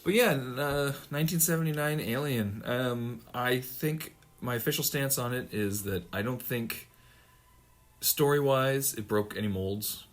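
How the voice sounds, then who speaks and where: A man's voice: medium pitch, a little slow. A man co-hosting a podcast, talking bluntly and swearing in casual chat. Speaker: podcast co-host.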